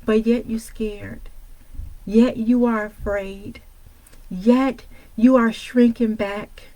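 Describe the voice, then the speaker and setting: A woman from Detroit delivers a fiery motivational sermon, confronting the listener with one rhetorical question after another. Her voice sits a little high, and the sound is dry and close with no room echo. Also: fairly even intonation, slow pace, warm tone. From Detroit, United States. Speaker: motivational speaker and coach. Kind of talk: preaching motivational talk.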